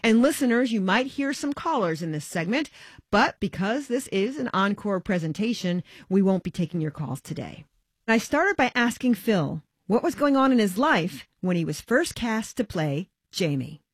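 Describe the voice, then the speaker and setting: A woman hosting a radio interview show, talking in a lively, conversational way with an easy sense of fun. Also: mid-range voice, moderate pace, breathy edge, dry recording. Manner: lively, conversational, plays up surprise.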